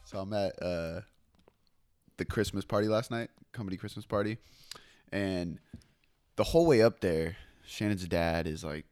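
Give me a young man with a fairly low voice co-hosting a casual podcast. He tells a rambling story in relaxed slang, full of "like" and "dude", and keeps the conversation loose and chatty. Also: normal speed, long pauses, soft background music. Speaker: podcast co-host. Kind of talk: casual chat.

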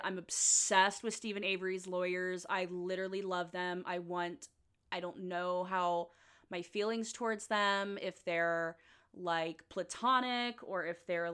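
Solo podcast host, young woman; lowish, smooth tone; chatty, rambling, teasing herself. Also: fairly bright tone. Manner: rambling, self-interrupting, playful and self-mocking. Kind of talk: casual solo podcast chat.

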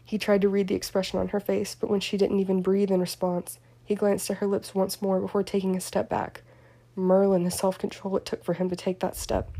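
A woman narrating a story aloud at an even, measured pace. Her voice is mellow and soft-toned, and she keeps a flat, level tune with little rise or fall. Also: mid-range voice. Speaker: story reader. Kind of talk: audiobook-style reading of fan fiction.

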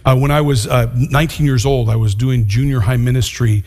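An older man preaching a sermon as a pastor, earnest and deliberate, slowing down to stress key words. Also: medium pitch, fairly even intonation, darkish tone. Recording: long hall reverb.

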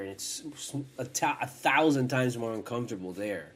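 A man in his forties hosts a podcast in a lively, slightly bright mid-range voice at normal speed, with a little background noise. He rambles casually, swears often and cuts himself off mid-thought.

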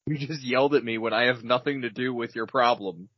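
Young man, mid-pitched, wry jokes, swearing, casual chat, muffled lo-fi. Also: brisk, no room sound. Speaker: retail worker. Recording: dry muffled lo-fi recording.

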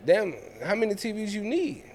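A young man co-hosting a podcast, bantering loudly in a teasing, profane way. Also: high voice, animated, normal speed. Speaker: podcast co-host. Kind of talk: casual chat.

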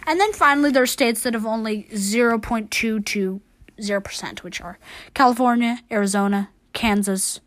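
Woman, fairly high voice, casual news host, reads lists, corrects her own slips. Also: moderate pace. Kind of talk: casual amateur news rundown.

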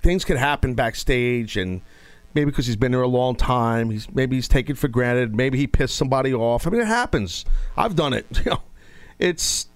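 Man, radio host, animated, rambling, dry, casual sports talk. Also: medium pitch, normal speed, dry recording. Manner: animated, rambling, stop-start delivery.

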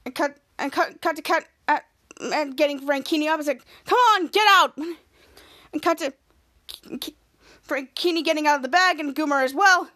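A woman hosting a podcast, casually retelling a TV episode scene by scene with halting, repetitive phrasing and many restarts. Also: high-pitched, steady tone, fairly bright tone. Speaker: podcast host.

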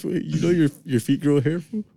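A man's voice: a little high, normal speed, creaky, dark tone, no echo. A young man trading crude jokes as a podcast co-host, laughing often and calling his friend "fool". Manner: laughs a lot, slangy, says "fool". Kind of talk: crude casual banter.

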